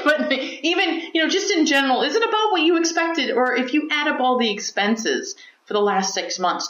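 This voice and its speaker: A woman hosting a solo podcast, explaining her points with animated energy and playful asides. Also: a little high. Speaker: podcast host. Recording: roomy, slightly dull recording.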